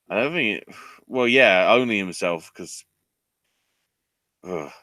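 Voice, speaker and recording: A man's voice: on the low side, sharp tone, no room sound. A man hosting a podcast, recapping a show in casual chat with sarcastic, exasperated storytelling. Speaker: podcast host.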